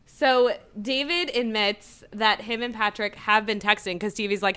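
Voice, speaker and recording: A woman's voice: mid-range voice, moderate pace, clean tone. A woman co-hosting a casual podcast, recapping a TV episode with lots of laughter and acted-out lines from the characters. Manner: animated, laughs often, acts out characters' lines. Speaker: podcast co-host.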